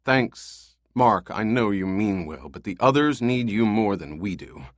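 Determined young man, read by a male narrator, resolute, firm, low pitch, slow audiobook read. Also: animated, no room sound, studio quality. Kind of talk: audiobook character voice.

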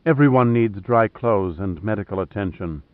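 A man reading a stubborn, intelligent woman who speaks softly with slight huskiness. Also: fairly low pitch, lively intonation, normal speed, no room sound, close to an everyday voice. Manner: soft, quiet delivery. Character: stubborn, intelligent young woman, soft-spoken. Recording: narrow phone-like sound.

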